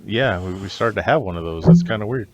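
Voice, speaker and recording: A man's voice: lowish voice, expressive, fast talker. A man co-hosting a podcast, chatting casually with a lot of swearing, frequent laughter and trailing restarts. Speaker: podcast co-host.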